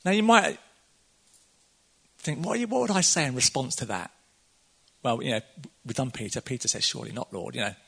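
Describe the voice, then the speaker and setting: A man's voice: mid-range voice, lively intonation, normal speed, vocal fry, pauses often, fairly bright tone, husky. A man preaching a casual sermon, chatty and conversational, laughing often and acting out the quotes.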